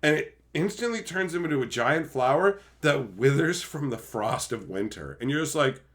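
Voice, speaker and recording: A man hosting a casual livestream, chatting with viewers in a profane, animated way and slipping into quick silly impressions. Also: fairly high pitch. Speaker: livestream host. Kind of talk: casual livestream chat, reading viewer messages.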